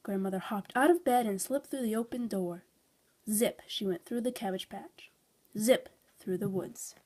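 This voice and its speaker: A woman's voice: mid-range voice, moderate pace, darkish tone. Woman reading a children's storybook aloud. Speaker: storybook reader.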